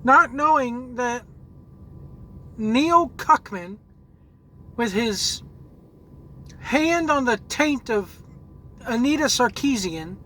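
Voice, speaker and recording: In an extremely high, sharp, expressive voice, a man hosting a gaming channel delivers a very slow, pause-filled tirade about a video game. He curses and repeats words while searching for the right ones. The audio is poor, with a little hiss or hum.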